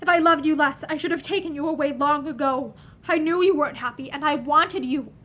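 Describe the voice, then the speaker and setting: A woman's voice: high-pitched, a little fast, a bit bright. A woman voicing an anguished man in forbidden love. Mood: pleading, anguished. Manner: hoarse, pleading.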